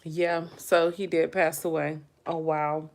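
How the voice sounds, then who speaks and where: A woman hosting a relaxed livestream, her voice sitting a little low and her talk unhurried. She muses aloud about gossip, speaks straight to her viewers and yawns between thoughts. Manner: chatty, muses aloud, addresses viewers directly. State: yawning, tired. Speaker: livestream host. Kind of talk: casual live gossip commentary.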